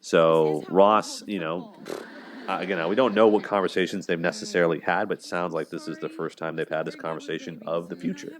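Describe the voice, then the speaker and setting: A man's voice: low voice, steady tone, a little fast. A man hosting a casual commentary on a TV couple, talking loosely with lots of fillers. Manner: rambling, filler-heavy, conversational. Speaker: host analyzing TV relationships.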